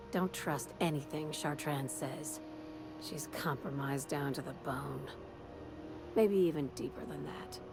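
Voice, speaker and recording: A woman's voice: deep voice, darkish tone, slight background noise. A woman voicing a cynical corporate woman who hires an assassin in a video game, blunt and sardonic.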